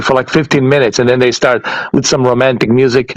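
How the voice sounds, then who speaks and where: The audio is poor and dry as a male podcast host rattles through his rant at a fast clip, barely pausing. His pitch is medium, and he curses heavily, sounds fed up and blunt, and keeps laughing at what he's saying.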